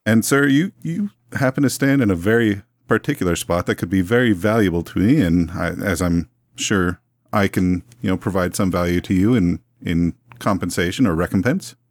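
A man voicing a pompous, smooth-talking 1920s museum owner with florid, long-winded speech in a tabletop role-play. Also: low voice, normal speed, no room sound. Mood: ingratiating.

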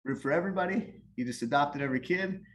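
In a casual podcast chat, a man who coaches youth soccer appears as a guest or co-host and tells a long, animated story about volunteer coaching. He rambles, restarts often, talks fast, and his voice is on the high side.

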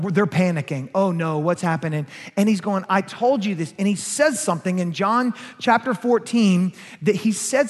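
A man preaching a sermon as pastor, emphatic, rising and falling in force. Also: high-pitched. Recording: long hall reverb.

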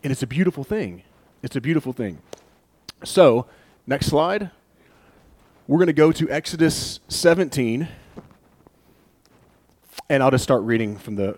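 A man's voice: on the low side, dry recording. Conversational male preacher, dry close sound. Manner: conversational, animated storytelling with rising emphasis. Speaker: pastor. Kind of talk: sermon.

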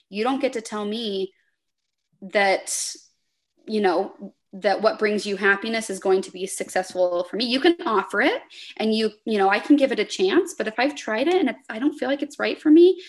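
A woman chatting on a podcast, her voice sitting at an ordinary middle pitch. She tells stories with animation, slipping into the voices of both people in an imagined exchange. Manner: animated storytelling, acts out both sides of dialogue. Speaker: podcast guest. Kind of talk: casual conversation.

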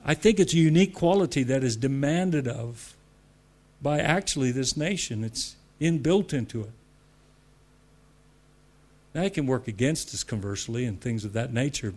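A medium-pitched, animated American man preaches to church leaders at a moderate pace. Emphatic and conversational, he repeats phrases for effect, slips in asides, and climbs to loud declarations.

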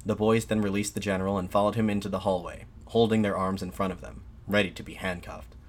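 A man giving a scripted historical narration in a steady, measured reading with occasional restarts. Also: sits low, a little hiss or hum.

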